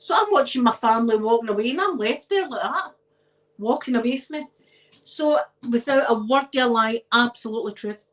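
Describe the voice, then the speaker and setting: A woman's voice: fairly high pitch, fairly quick, rough recording. Chatty Scottish woman telling stories. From Scotland. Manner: chatty, animated, laughs often. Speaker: ASMR channel host. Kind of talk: casual storytelling chat.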